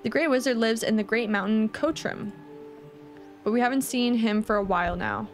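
Woman reading as an evasive wise king, game dialogue, fairly high voice, plain read. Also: normal speed, faint music behind, close to an everyday voice. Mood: calm.

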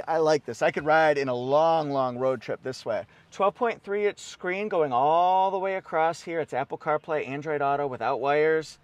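A man's voice: fairly high pitch, a little mellow, no room sound. A man presenting a car walkaround review for a dealership, upbeat and salesy as he points out one feature after another.

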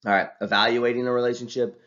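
A man's voice: mid-range voice, flat delivery, fast talker, fairly bright tone. A male teacher giving a casual classroom lecture, talking conversationally and ending his points with "right?". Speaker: college teacher and wrestling coach. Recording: dull lo-fi recording.

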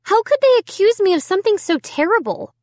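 A woman's voice: extremely high pitch, sing-song, brisk, a little mellow, no room sound, voice pushed up. A woman voicing a frantic young girl who insists she is innocent, in a trembling voice. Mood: anxious.

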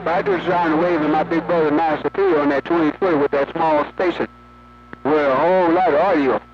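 A man's voice: fairly high pitch, fairly even intonation, brisk. A talkative man chatting on the air in a folksy, repetitive way, one radio operator to others. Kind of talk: casual on-air radio chat. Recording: dull lo-fi radio with loud static.

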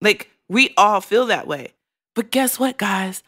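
Woman podcast host, slow and heartfelt, blunt with curse words, dry close sound. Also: medium pitch, expressive, fairly bright tone, no echo. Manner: emotional, frank, swears freely. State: choking back tears. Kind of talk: candid podcast monologue.

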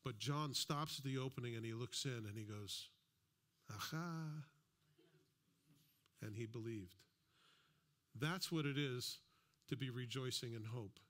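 A man at a mid pitch preaches a sermon in a church, talking to the congregation in a loose, conversational way. He drops in asides and briefly acts out the people he quotes. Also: normal speed, a bit bright. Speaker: pastor.

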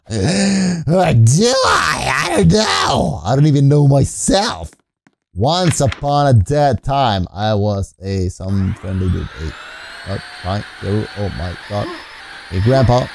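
Goofy, gravelly male game commentator. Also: mid-range voice, dark tone, slight background noise. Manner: goofy, rhyming nonsense words, frequent laughs. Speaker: gameplay commentator.

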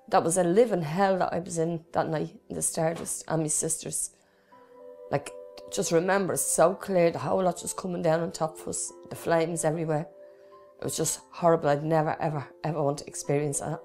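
Low gravelly Dublin woman. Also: a little mellow. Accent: Dublin Irish. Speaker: interviewee. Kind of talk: personal testimony.

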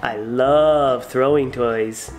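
A teacher reading aloud, voicing a gentle big elephant from a picture book, low and drawn out. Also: steady tone, drawn-out words, soft background music. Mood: calm.

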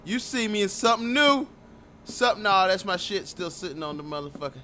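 High, bright young man shouting at a game. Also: brisk. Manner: loud, cursing, sudden shouts at the game. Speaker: gaming commentator. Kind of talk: profane gameplay commentary.

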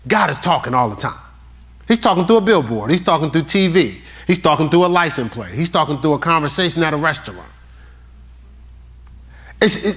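A male pastor preaching a sermon, talking straight to the congregation and reading scripture aloud slowly. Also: a little high. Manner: animated, talks straight to the congregation with questions.

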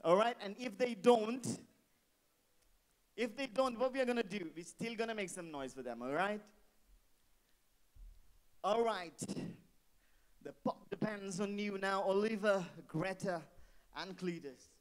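A man's voice: high voice, a little slow, long pauses, poor audio. A man acting as the MC at a wedding reception, hyping the crowd on a handheld mic and repeating his phrases. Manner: hypes the crowd, repeats phrases, calls for noise. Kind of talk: live wedding reception hosting. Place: indoor reception hall. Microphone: handheld microphone.

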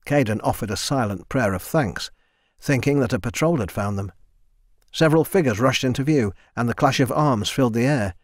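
A man narrating a fantasy audiobook at a steady, measured pace. His voice sits in an average range and sounds close and dry, with no room behind it. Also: medium pitch, dry recording. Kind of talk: scripted narration.

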